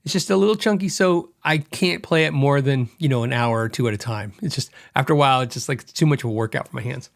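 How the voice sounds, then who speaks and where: A middle-aged man hosting a podcast, telling a story in a chatty, animated way and acting out quoted dialogue. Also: medium pitch, fast talker, vocal fry, few pauses. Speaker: podcast host. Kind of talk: casual storytelling monologue.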